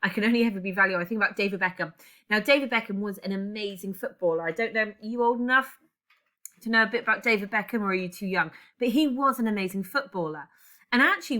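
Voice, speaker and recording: A woman's voice: medium pitch, bright, forceful tone. A woman English teacher recording a lesson, guiding students step by step with reflective questions.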